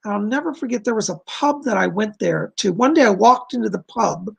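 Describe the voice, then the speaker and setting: Gushing high-voiced American man, gravelly. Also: animated, a little fast. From United States. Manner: effusive, gushing. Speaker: psychic host. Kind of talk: casual live stream chat.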